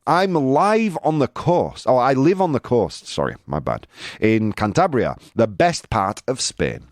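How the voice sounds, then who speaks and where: Clean studio sound and a dry recording capture a British man's mid-range, slightly mellow voice. Hosting a casual live-stream, he goes through viewers' comments with a sarcastic, talkative manner, often laughing at his own jokes, while an air conditioner runs in the room.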